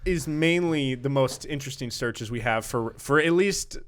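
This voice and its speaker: A man's voice: medium pitch, normal speed. A young man hosting a casual podcast, talking loosely with lots of fillers. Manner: relaxed, filler-heavy talk. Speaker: podcast host. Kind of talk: casual chat.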